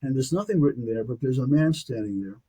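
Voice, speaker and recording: Brooklyn-raised man in his 60s, New York accent, dark husky voice, animated anecdotal storyteller. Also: medium pitch, quick pace, rough recording. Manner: animated anecdotal storyteller, tag questions like "okay?". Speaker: podcast guest, author. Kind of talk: personal storytelling.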